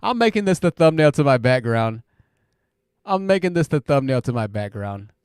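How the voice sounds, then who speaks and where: Guy on a live stream hangout, jokey and rambly, mid pitch, dry close sound. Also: big pitch swings, moderate pace, a little mellow, smooth, no echo. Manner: joking, rambling, laughs often. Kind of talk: casual live chat.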